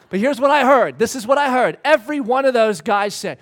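A middle-aged man preaching a sermon, telling a story with swings from hushed lines to shouts. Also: very high-pitched, lively intonation, fast talker, hardly any pauses. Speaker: pastor. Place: church hall with congregation.

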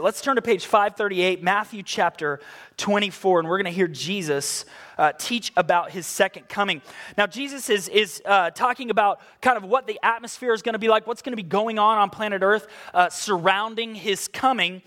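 High-voiced man preaching a sermon. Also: a bit bright. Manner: conversational preaching, reads scripture slowly and emphatically. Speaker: pastor. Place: church.

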